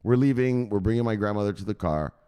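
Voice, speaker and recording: A man hosting a crypto news show, excitable and profane, giving casual commentary and punctuating his points with a shouted "bang.". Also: on the low side, quick pace, clear, resonant tone.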